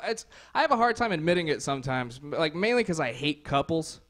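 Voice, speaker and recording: A young man works a comedy club crowd with a sardonic, crude stand-up set. His voice sits slightly high, and he rambles through "like" and "you know" between punchlines. The delivery is casual and mocking. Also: animated, fairly quick, hardly any pauses, fairly bright tone.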